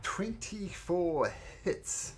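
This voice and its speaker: A woman narrating and running a tabletop game as game master, animated and laughing often. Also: on the low side, very slow, background noise.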